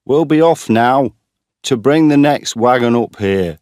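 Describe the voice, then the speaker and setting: A man voicing a worried middle-aged farmer father who calls out loudly. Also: mid-range voice, lively intonation, a little slow, no room sound, studio quality, voice pushed up, close to an everyday voice. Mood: brisk. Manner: calling out loudly.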